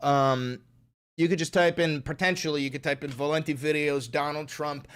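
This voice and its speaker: A man hosts a casual livestream, reading out viewer comments, cracking jokes, and swearing between bits of silly voices. His voice sits fairly high and sounds clear, resonant, and fairly bright. He keeps a fairly even intonation at a moderate pace.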